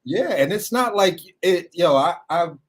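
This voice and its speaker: A man's voice: high voice, a little slow. A man calling into a live stream, talking animatedly with lots of swearing and acting out arguments. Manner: animated, profane, acts out arguments. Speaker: call-in guest. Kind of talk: casual live-chat talk.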